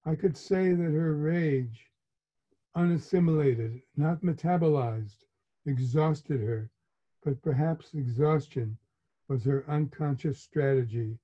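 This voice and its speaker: A man in his eighties, an author reading his memoir aloud in a measured, reflective way. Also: fairly high pitch, mellow, slightly rough. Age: 80s. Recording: muffled lo-fi recording.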